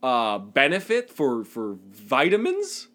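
A man's voice: mid-range voice, wildly swooping pitch, slow pace, pushed and bright. Teasing, exasperated man. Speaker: podcast co-host. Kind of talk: casual banter.

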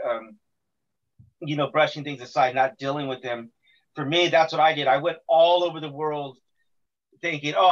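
Man, podcast host, rambling, filler-heavy, slightly high pitch, muffled lo-fi recording. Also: a bit bright. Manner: rambling, many fillers and restarts. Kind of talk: casual interview chat.

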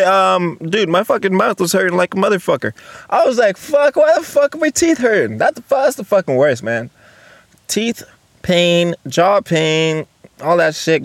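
A man hosting a solo casual podcast, rambling and swearing, jumping between loud outbursts and low mutters, recorded on a phone and laptop. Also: no echo. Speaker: podcast host.

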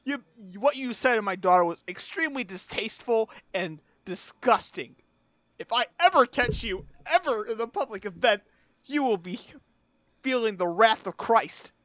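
A man's voice: high-pitched, lively intonation, normal speed, fairly bright tone, no echo. A guy putting on a stern churchgoing dad, mock-formal scolding, dry sound. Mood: stern threat. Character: stern threatening middle-aged Christian father.

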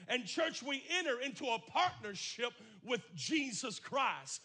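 Pastor, male, high and bright, preacherly delivery, swells from hushed to shouting. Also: big pitch swings, unhurried, few pauses. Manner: preacherly, swings from quiet to shouting; repeats phrases for emphasis. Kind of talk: sermon.

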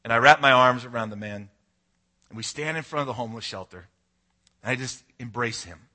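A man preaches from the pulpit in a bright, forceful voice. He tells his story with earnest conviction, dropping to a hush and then building to emphatic peaks. His pitch sits at an ordinary middle. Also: a little fast. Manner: earnest, swings from hushed to emphatic. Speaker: pastor. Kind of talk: sermon storytelling.

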